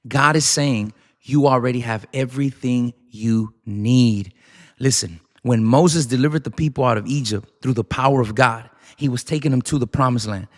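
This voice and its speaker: A man's voice: mid-range voice, a little fast, hardly any pauses, in a large hall. A man preaching a sermon with emphatic, repetitive, urgent exhortation.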